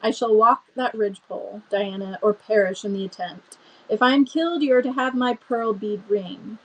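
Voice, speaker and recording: A woman's voice: mid-range voice, normal speed, fairly bright tone, rough recording. A woman voicing an imaginative, dramatic young girl who speaks in solemn, earnest tones.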